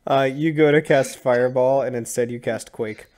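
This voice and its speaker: A man running a tabletop game as its game master, narrating loosely and often stopping for fillers. His voice sits at an ordinary middle pitch. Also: steady tone, moderate pace, a little mellow.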